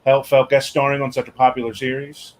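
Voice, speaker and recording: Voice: mid-range voice, little pitch movement, quick pace, slight background noise. An interviewer hosting a live online Q&A over a video call, casual and agreeable, asking long questions. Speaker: interviewer host.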